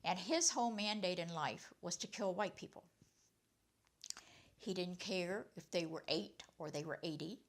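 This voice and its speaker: A woman who used to be a teacher, telling a personal story in an animated way, her loudness swinging widely. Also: on the low side, normal speed. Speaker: former teacher.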